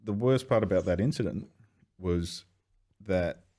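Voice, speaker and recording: A man, telling swearing, animated anecdotes as a podcast guest. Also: sits low, measured pace. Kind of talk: casual storytelling chat.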